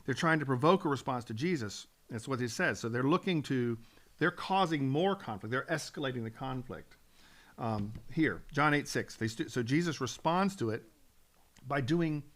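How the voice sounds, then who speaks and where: Guy preacher on a morning talk show, earnest, keeps restarting, gets worked up, average pitch. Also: fairly bright tone. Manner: earnest, builds up steam, frequent restarts. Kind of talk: Bible teaching on a talk show.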